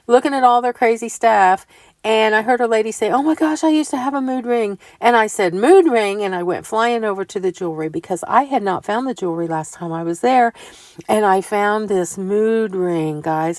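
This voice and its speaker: An older woman telling homey stories in a chatty, casual voiceover, growing animated as she recounts things. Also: medium pitch, normal speed, no echo. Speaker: vlogger. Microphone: close mic voiceover.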